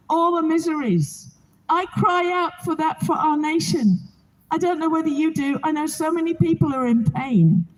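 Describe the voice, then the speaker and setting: A high-pitched woman speaks to a gathered crowd outdoors. Her delivery is earnest and heartfelt, in the manner of a preacher sharing her testimony. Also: a little mellow, rough recording. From England. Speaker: Bible reading organizer.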